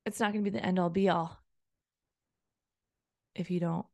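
On her own podcast, a woman who works as a personal development coach delivers a loose solo monologue, circling back over phrases while quoting what she tells herself. She speaks at a normal speed in a lowish, steady, slightly creaky and mellow voice, recorded cleanly in a studio with no room sound.

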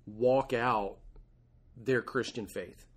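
A male host at an ordinary middle pitch talks reflectively. He restates his guest's ideas in his own framing. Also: fairly even intonation, very slow, breathy edge. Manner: reflective, summing up the guest's points.

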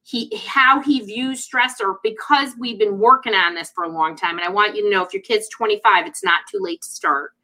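Bright, lively woman talking about parenting. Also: mid-range voice, brisk, few pauses, rough recording. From United States. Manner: lively, expressive, often adds "right?" and "you know". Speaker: guest speaker on parenting and mental health. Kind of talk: animated casual conversation.

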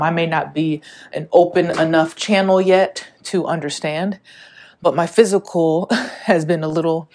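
A young woman hosting her own podcast, talking candidly and a little out of breath, rambling and swearing freely with frequent laughs. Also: lowish voice. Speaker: podcast host. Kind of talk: casual solo podcast monologue.

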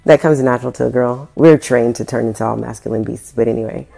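A woman's voice: rumbling low, fairly even intonation, fast, vocal fry, warm tone. A woman vlogging, telling a story in a casual, slangy way with swearing and acted-out quotes.

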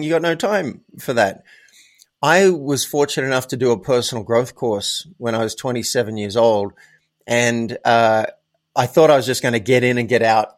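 A man speaking as a podcast guest, telling personal anecdotes in an emphatic, conversational way and repeating words to stress them. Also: mid-range voice. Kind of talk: casual interview storytelling.

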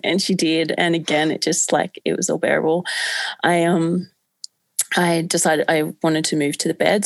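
Brief: woman guest, candid storyteller, low-ish gravelly voice, dry close sound. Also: no room sound. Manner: candid, chatty, many fillers. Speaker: podcast guest. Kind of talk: casual storytelling.

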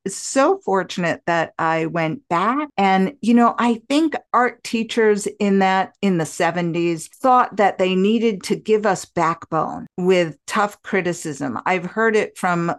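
A woman in her sixties hosting a podcast interview, telling personal stories in an animated, expressive way. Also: medium pitch, slow pace, few pauses. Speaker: podcast host. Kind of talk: conversational storytelling interview.

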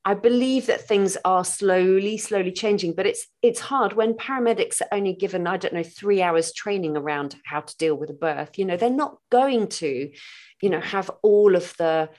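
A woman's voice: mid-range voice, normal speed, darkish tone. A woman hosting a podcast interview, talking thoughtfully with many restarts. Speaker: podcast host. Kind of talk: casual conversational interview.

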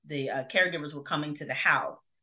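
Middle-aged woman from New Jersey, deep bright voice, earnest reflective testimony, lo-fi sound. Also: fast talker. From Burlington, New Jersey. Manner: earnest, reflective, with many fillers. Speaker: guest. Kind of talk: personal testimony in conversation. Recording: dull lo-fi sound.

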